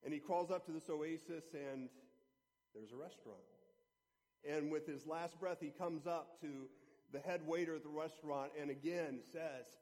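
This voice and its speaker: A man's voice: on the high side, moderate pace, darkish tone, long reverb tail. A male pastor preaching a sermon in an earnest, conversational storytelling manner.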